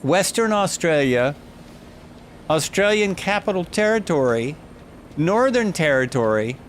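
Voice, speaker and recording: A man's voice: on the high side, sing-song, a little slow, a little hiss or hum. A man streaming a flight simulator, chatting casually and thinking aloud, often stopping to correct himself. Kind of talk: casual live gameplay commentary.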